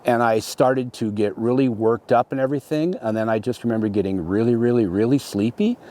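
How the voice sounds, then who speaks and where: A middle-aged man, an interview guest, telling a story in a rambling, halting way, full of restarts and "you know". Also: mid-range voice, mellow, a little hiss or hum. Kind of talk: conversational storytelling.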